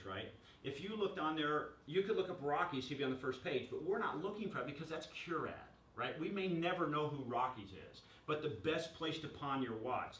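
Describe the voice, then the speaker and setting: Energetic man presenting a workshop, echoey room. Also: a little high, a little hiss or hum. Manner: energetic, jokey, asks the audience questions. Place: chamber of commerce meeting room. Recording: echoey room recorded from far off.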